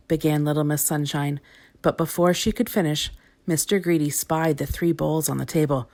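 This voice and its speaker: A woman's voice: deep voice, moderate pace. Woman reading a storybook aloud. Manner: expressive, clear.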